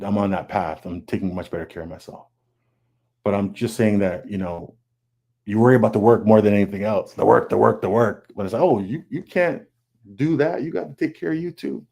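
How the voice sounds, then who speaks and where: Over a video call mic, a man who draws comics speaks earnestly in a casual, candid panel discussion. His voice sits low with vocal fry and a warm tone, and he often restarts, repeats words and acts out what he's thinking.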